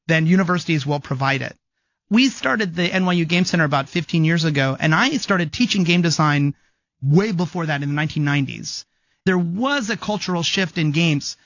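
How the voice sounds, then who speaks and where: A man's voice: on the high side, fairly bright tone, dry recording, highs cut off. A man, a game design professor, speaking thoughtfully and articulately in an interview. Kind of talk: interview conversation.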